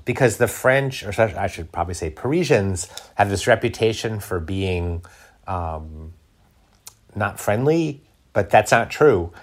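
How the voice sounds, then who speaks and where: A middle-aged man talking in a casual interview, rambling with restarts and fillers. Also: on the low side. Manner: rambling, many restarts and fillers, laughs often. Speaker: guest, food writer.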